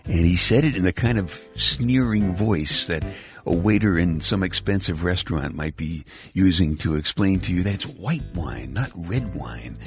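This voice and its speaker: A man's voice: low voice, animated, normal speed, soft background music. An older man from Brooklyn, hosting a bedtime podcast and telling a folksy, rambling story with wry humor. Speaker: podcast host.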